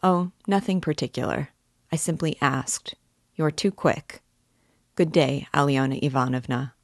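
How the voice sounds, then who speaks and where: A woman's voice: low voice, a little slow, no room sound, clean studio sound. A woman reading a novel aloud, voicing a poor, troubled young man who is tense and secretive, muttering his thoughts.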